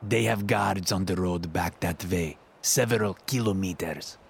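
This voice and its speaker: A man's voice: low voice, a little slow, slight background noise. A man voicing an older, gray-bearded Russian man with a thick Russian accent, speaking bluntly and heartily. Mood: earnest. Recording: narration over clear music.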